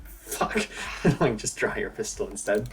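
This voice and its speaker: A man's voice: lowish voice, moderate pace. A man narrating as game master of a tabletop game, in a casual manner with fillers and laughs. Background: music.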